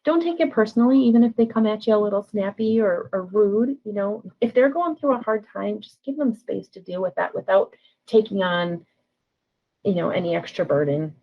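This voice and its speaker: A woman counselor gives a conversational training talk in a mid-range voice at a moderate pace. She often checks in with "right?" and acts out sample lines. The audio is dull and lo-fi.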